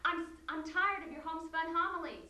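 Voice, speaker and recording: A woman's voice: very high voice, fairly even intonation, brisk, pushed and bright. A woman auditioning, reading an angry courtroom-drama scene. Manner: reading a scene with rising anger. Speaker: actress auditioning. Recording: echoey room.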